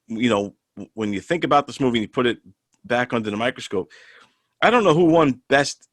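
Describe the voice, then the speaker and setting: A man chats casually about a film as a podcast co-host. His voice moves a lot in pitch, and it sounds dry and close to the mic. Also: expressive, a bit bright, dry recording. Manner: agreeable, halting, with restarts. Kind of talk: casual movie chat.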